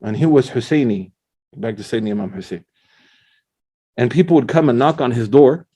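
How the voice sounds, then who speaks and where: A middle-aged Islamic scholar gives a casual religious lecture full of animated storytelling, slang, and recited Arabic quotations. His voice is medium-pitched, slightly rough, and a little fast.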